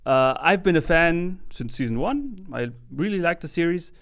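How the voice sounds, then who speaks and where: A man co-hosting a casual podcast, easygoing and quick to chime in with agreement. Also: on the high side, lively intonation, a bit bright. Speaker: podcast co-host.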